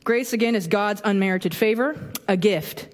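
Woman preacher, thirties, chatty sermon, mid-pitched voice, lively asides, reverberant church hall. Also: normal speed. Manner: animated, acts out quoted reactions, self-deprecating humor. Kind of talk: casual conversational sermon. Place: church sanctuary.

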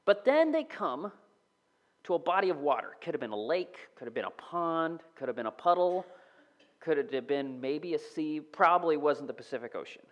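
A man giving a casual, animated sermon, sometimes dropping to a whisper. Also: fairly high pitch, moderate pace, muffled recording. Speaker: preacher. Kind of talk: conversational sermon.

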